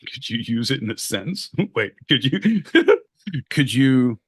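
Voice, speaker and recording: A male podcast co-host in loud, profane, playful comedic banter. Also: medium pitch, very animated, slow pace, slightly rough, no room sound, studio quality.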